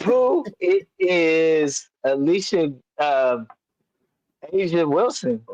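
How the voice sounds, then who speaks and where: Guy hosting a sports stream, slow and kinda high, dull dry lo-fi mic. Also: lively intonation, a little mellow, dry recording. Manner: rambling with fillers, playful sing-song chanting. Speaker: sports podcast host. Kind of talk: casual live-stream sports chat.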